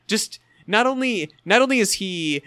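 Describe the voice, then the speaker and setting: Lively bright-voiced man, dry close sound. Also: high-pitched, no echo. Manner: animated, wry and critical, with quick asides. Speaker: podcast co-host. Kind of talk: casual chat recapping a TV episode.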